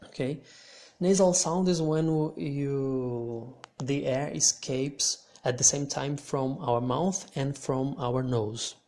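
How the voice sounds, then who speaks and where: A man teaching pronunciation in English, patient and pausing with restarts. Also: medium pitch, darkish tone. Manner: patient, hesitant restarts, repeats words for practice. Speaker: language teacher. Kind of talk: slow explanatory lesson.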